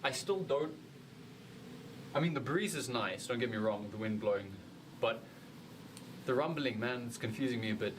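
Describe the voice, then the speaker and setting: A man's voice: mid-range voice, lively intonation, moderate pace, pauses often, close to an everyday voice. An earnest young caver, played by an actor, talks to his camera outdoors at night in a mid-range voice. He rambles and restarts, padding lines with fillers, with a faint hiss of ambience behind him. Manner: hesitant, filler-heavy, earnest. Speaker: caver filming a video diary. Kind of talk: casual vlog talk to camera.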